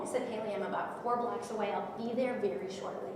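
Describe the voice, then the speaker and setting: A woman's voice: mid-range voice, steady tone, fast talker, few pauses, a little mellow. A middle-aged woman giving an emotional personal testimony, telling her story vividly with quoted dialogue. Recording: echoey hall, speaker far from mic.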